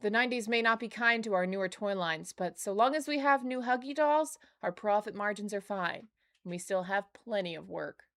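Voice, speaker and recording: A woman's voice: mid-range voice, lively intonation, moderate pace, a bit bright, no echo, studio quality. A woman reading out a friendly letter from a male warehouse worker, in nearly her own voice. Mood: breezy.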